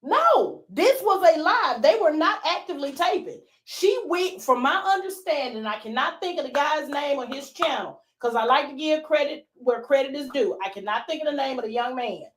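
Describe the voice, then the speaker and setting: Co-host, woman, high voice, casual gossip commentary, rhetorical and opinionated. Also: animated, moderate pace, hardly any pauses, fairly bright tone.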